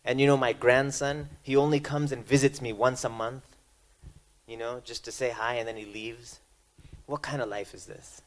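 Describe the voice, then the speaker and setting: A man voicing a bitter, complaining older male patient stuck in a hospital bed, speaking low and grim. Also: steady tone, normal speed, natural voice.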